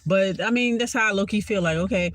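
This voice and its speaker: A woman's voice: medium pitch, brisk, fairly bright tone. A woman tarot reader telling a story in a casual vlog, talking bluntly, sarcastically and with plenty of swearing.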